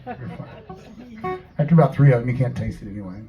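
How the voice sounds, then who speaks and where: Man, singer-songwriter, easygoing stage banter, dull live recording, soft guitar behind. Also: on the high side, sing-song, moderate pace, pauses often, crowd noise. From Tennessee. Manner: laid-back joking storyteller. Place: house concert, indoors.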